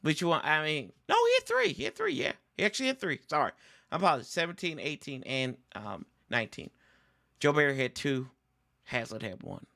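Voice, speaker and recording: A man hosting a fan sports stream, ranting in an exasperated, animated way and calling his viewers y'all. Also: a little high, brisk, gravelly. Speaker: sports podcast host. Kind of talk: casual fan commentary.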